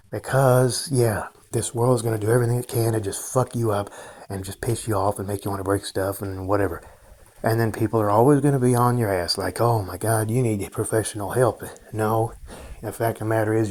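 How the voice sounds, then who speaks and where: A man's voice: on the low side, a little mellow. A middle-aged man talking to his camera, rambling and swearing in a frustrated, casual monologue full of "you know" and "man". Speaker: vlogger.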